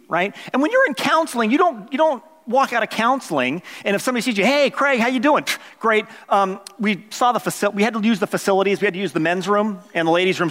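A man's voice: high-pitched, big-room sound. A middle-aged man, a pastor, telling a personal story in a sermon, acting out the voices of people in it and joking with the congregation. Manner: animated, acts out quoted voices, jokes with the congregation.

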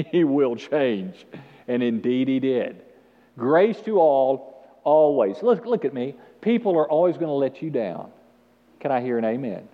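A male pastor preaching an animated sermon with call-and-response to the congregation in a church. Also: mid-range voice, measured pace. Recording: dull sound with long hall reverb.

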